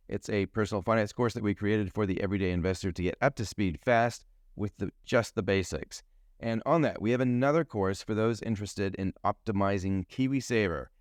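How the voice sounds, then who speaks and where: A New Zealand man hosts a solo podcast as a financial advisor, chatting and joking his way through with food metaphors. His voice sits on the low side, and the recording is clean studio sound with no echo.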